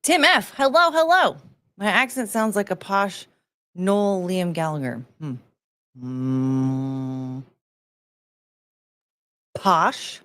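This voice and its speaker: A woman's voice: medium pitch, lively intonation, unhurried, pushed and bright. A woman hosting her own livestream, chatting casually and greeting viewers by name with sing-song asides. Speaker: livestream host.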